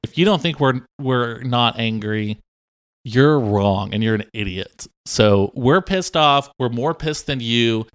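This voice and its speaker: A young adult man, a podcast producer, bantering with a deadpan, mock-serious delivery that swells into exaggerated outrage. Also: mid-range voice, takes it slowly, clean tone.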